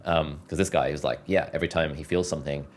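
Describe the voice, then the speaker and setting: A man speaking as a podcast guest, reflective and measured in his answers. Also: extremely low pitch, steady tone, a little hiss or hum. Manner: thoughtful, measured, many "like" fillers. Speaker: guest, content creator. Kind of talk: reflective interview talk.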